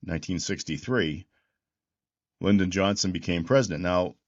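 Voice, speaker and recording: A man's voice: low voice, lo-fi sound. A man in his sixties hosting a reflective political commentary monologue, rambling with restarts and repeated words. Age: 60s. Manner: reflective, history-minded. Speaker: host.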